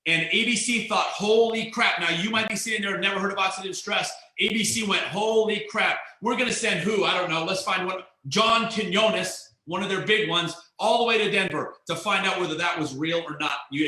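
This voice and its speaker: A man giving an excited, emphatic network marketing pitch on a webinar, often repeating himself. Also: reverberant, rough recording. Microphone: computer mic on a webinar.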